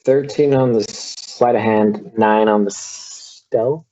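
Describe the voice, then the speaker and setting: A man's voice: on the low side, fairly even intonation, slow, muffled recording, crowd noise. A man running a tabletop game as game master, talking casually with many fillers.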